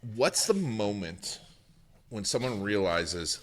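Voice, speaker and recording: A male podcast host with a deep voice that still moves through a wide range. He talks casually and haltingly, restarting his sentences as he works toward his questions. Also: lively intonation, a bit bright. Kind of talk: casual interview chat.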